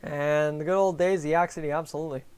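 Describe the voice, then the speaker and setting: A man's voice: on the high side, steady tone, quick pace, a little mellow, a little hiss or hum. A young man hosting a live fan stream, chatting casually about the game and answering viewers by name over a headset mic. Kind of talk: casual fan commentary and chat replies.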